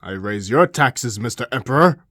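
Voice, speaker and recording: A man's voice: mid-range voice, animated, normal speed, fairly bright tone, slight background noise, lightly acted. A man voicing an offended, defiant Roman governor with a slight put-on French accent. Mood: indignant. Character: male rebel governor of Gaul, offended and defiant.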